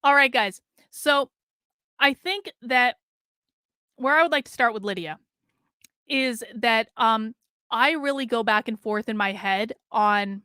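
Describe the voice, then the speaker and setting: Blunt, bright-voiced woman livestreamer. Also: fairly high pitch, a little slow, long pauses, clean tone, no room sound, studio quality. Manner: blunt, conversational, many fillers. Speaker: livestream host. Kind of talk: livestream commentary reading chat.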